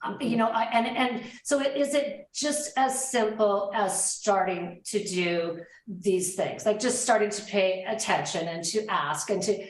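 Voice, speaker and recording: A woman's voice: medium pitch, measured pace. A woman hosting an interview, thoughtful and searching for her words as she talks. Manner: thoughtful, rambling with restarts. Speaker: podcast host. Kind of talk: conversational interview. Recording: roomy echo.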